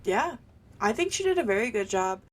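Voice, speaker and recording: A woman's voice: fairly high pitch, big pitch swings, a little fast. A young adult woman co-hosting a podcast in casual chat, giving blunt, candid opinions with a joking edge. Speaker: podcast co-host.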